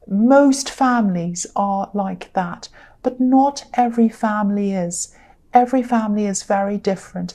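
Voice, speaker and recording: A woman's voice: medium pitch, dark tone. A woman giving a tarot reading in an earnest, rambling, reassuring way, with many ums and restarts. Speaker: tarot reader.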